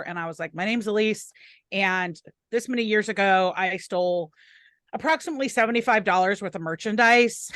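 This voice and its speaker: A woman guest on a chat podcast, candidly telling animated stories from her life. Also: mid-range voice, dry recording. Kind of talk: casual chat.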